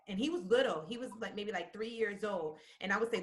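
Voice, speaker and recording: Thoughtful woman guest on a live stream. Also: medium pitch. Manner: thoughtful, halting, with many fillers. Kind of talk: casual chat. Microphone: phone or webcam on a live stream.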